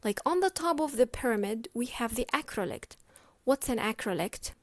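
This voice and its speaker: A woman's voice: on the high side, expressive, normal speed, dry recording, clean studio sound. A woman teaching a lecture, checking in often with "okay?" and "right?". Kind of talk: explanatory lecture.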